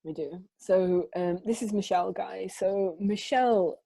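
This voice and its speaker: A woman, a photographer, recounting her work in an animated way over a video call, laughing often and restarting her sentences. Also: medium pitch, a little slow, creaky, husky, no room sound, poor audio. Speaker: photographer, guest. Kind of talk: conversational interview storytelling. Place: home, remote conversation.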